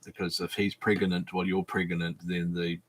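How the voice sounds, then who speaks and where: A man hosting a livestream panel chat, answering silly questions with deadpan, absurd jokes. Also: deep voice, moderate pace, very noisy.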